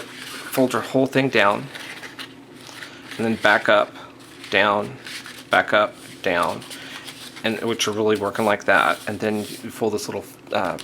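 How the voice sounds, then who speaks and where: A man with a lowish, slightly bright voice hosts a step-by-step crafting tutorial, speaking slowly in a steady tone and pausing often. He talks casually and thinks aloud, checking in with the viewer, with frequent "okays" and restarts, and background noise is audible.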